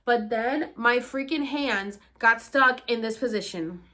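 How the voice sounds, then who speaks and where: A woman's voice: a little high, a little slow. Young woman vlogger telling a story casually. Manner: animated, swears freely, fillers like "like".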